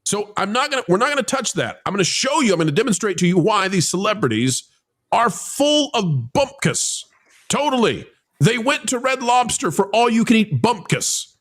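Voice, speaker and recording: A man's voice: sits high, fairly quick. A man hosting a casual entertainment news podcast, joking with guests and reading headlines aloud. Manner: animated, jokey, reads headlines aloud. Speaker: podcast host.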